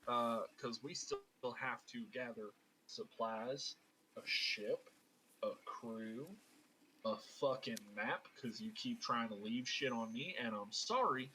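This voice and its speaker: A man's voice: mid-range voice, takes it slowly, bright, forceful tone, slight background noise, rough recording. A man voicing a weary, exasperated sailor with a Southern US accent. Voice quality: dry, exasperated. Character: weary gruff male sailor servant.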